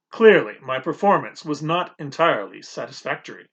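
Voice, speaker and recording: A man narrating an audiobook in the first person, expressive and nervous in tone. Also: mid-range voice, fairly quick, hardly any pauses, highs cut off.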